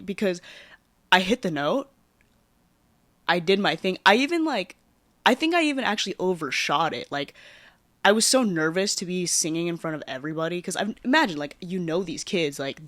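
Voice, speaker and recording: Chatty woman podcaster, dry sound. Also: no echo. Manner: rambling, filler-heavy, with lively pitch swings. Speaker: podcast host. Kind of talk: casual storytelling podcast.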